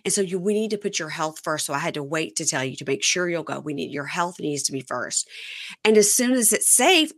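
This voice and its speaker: A woman hosting a casual chat, recapping a reality show and acting out what the cast said. Her voice sits fairly low but is bright and forward. Her pitch swings widely whenever she quotes someone. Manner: animated, acts out the cast's lines in quoted voices. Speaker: podcast host.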